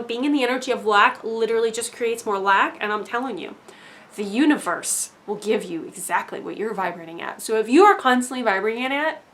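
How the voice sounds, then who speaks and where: A woman with a slightly high voice talks straight to her viewers in a casual story-time monologue. She rambles, leans on fillers, and keeps checking in with quick tag questions. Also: fairly bright tone. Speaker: vlogger.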